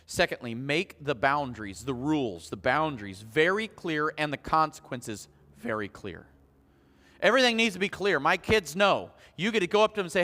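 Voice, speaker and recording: A man's voice: on the high side, expressive, brisk, bright, forceful tone, big-room sound. A man preaching a sermon as pastor, talking conversationally with frequent restarts and acting out his own family conversations. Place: church sanctuary.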